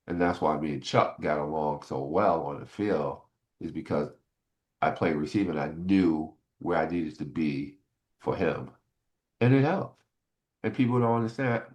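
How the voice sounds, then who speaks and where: A man in his sixties, a former pro football player, telling stories in an interview and acting out old conversations. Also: very deep voice. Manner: animated, acts out old conversations. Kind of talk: casual interview storytelling.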